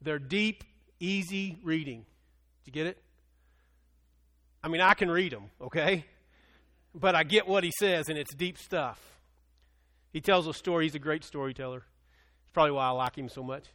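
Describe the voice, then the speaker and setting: A man preaching a sermon, telling a story with animation, swinging from loud excitement to hushed earnestness. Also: on the high side, moderate pace, long pauses. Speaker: pastor.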